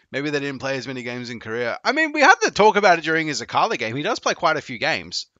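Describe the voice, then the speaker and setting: A man's voice: a little high, fast talker, dry recording, lo-fi sound. A man coaching video games on a live stream, chatting casually, swearing and joking with viewers. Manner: profane, joking, excitable.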